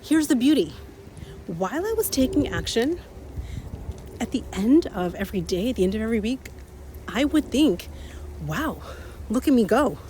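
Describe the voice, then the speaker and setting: Woman, 30s, slightly raspy, out of breath, walking uphill outdoors, energetic coaching talk, repeats herself for emphasis. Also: on the high side, normal speed, pauses often, slight background noise. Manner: energetic, repeats key phrases, laughs often. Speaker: podcast host and coach. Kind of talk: motivational solo talk.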